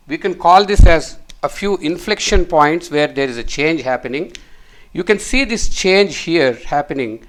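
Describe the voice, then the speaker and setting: Higher-voiced man drawing a medical lesson. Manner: explains step by step while drawing, repeats words for emphasis. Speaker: physician teaching. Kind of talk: whiteboard medical lecture.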